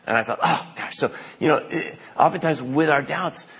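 A man's voice: fairly high pitch, brisk, a bit bright, slightly rough. A man preaching a sermon as pastor, telling stories in a conversational way and acting out the quotes he tells. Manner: conversational storytelling with acted-out quotes. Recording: long reverb of a large hall.

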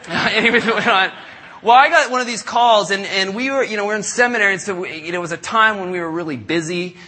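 A middle-aged man preaching, telling a story with lively asides and acting out the people in it. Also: high voice, fast talker. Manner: animated, acts out callers in raised voices. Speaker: pastor. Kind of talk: sermon storytelling. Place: church service.

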